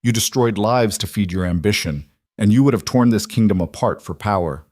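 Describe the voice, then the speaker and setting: Man reading as a fierce young wolf woman, intense, low voice, dry sound. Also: a little fast, darkish tone, no room sound, natural voice. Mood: furious. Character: fierce young female werewolf heroine.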